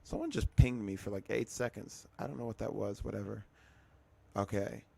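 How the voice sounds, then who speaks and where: A man's voice: on the low side, fairly even intonation, normal speed, creaky, mellow. A man with a scratchy voice chatting casually on a livestream, rambling to himself as he fiddles with settings.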